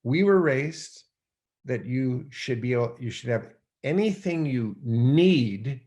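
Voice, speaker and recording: A middle-aged man, a podcast guest, telling a personal story in a rambling, animated way with many restarts. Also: mid-range voice, takes it slowly. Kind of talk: storytelling in conversation.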